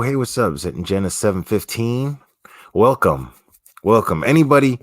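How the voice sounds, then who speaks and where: A man's voice: low voice, fairly bright tone, dry recording, clean studio sound. A man hosting a livestream, chatting casually with viewers in a profane, slangy, laid-back way. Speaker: livestream host.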